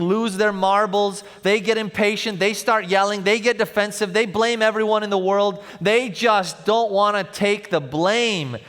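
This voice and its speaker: Male pastor, slightly higher voice, church reverb, dramatic storytelling sermon. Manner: storytelling, swings from loud to hushed. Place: large church. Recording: long church hall reverb.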